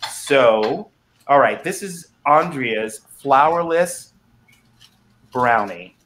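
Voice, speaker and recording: A man hosts a casual live show. His voice is bright and forward, and he gushes over each dish with frequent laughter. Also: mid-range voice, extremely slow, slight background noise. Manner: gushing, animated, laughs often. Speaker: host.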